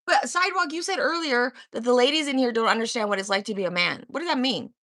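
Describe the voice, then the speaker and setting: A woman's voice: a little high, fast talker, sharp tone, no room sound, studio quality. A woman hosting a livestream, talking back to chat viewers by name in a confrontational, sarcastic way and swearing freely. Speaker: livestream host. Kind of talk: heated live-chat monologue.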